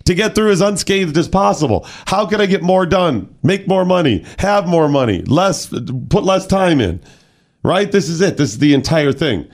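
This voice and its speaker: A man hosting a morning radio talk show, chatting casually and telling stories with animated, drawn-out words. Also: sits high. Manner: animated storyteller, stretches words for effect. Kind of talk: casual chat.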